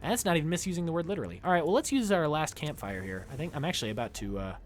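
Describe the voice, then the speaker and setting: A man streaming a video game, talking casually with his viewers in a loud, jokey, excitable way. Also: fairly high pitch, very fast. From United States. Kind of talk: casual live-stream commentary. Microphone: desk microphone.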